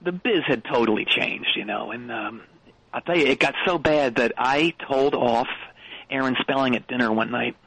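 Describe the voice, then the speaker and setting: A man playing a confused, rambling washed-up male comedian who calls in, in a comedy phone bit, with a husky voice that jumps up high. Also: normal speed, fairly bright tone, dry recording, poor audio. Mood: bemused. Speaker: caller.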